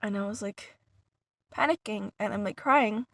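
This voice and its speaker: A woman's voice: mid-range voice, normal speed, dry recording. Chatty woman with a dry, close sound. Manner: rambling, full of "like" fillers and restarts; animated retelling, some words dropped to a whisper. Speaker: vlogger. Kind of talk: casual storytelling to camera.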